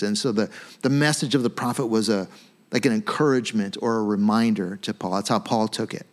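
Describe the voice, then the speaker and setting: Conversational pastor teaching scripture. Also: male voice, on the low side, brisk. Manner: conversational, animated, frequent "right?" asides. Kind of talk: sermon teaching.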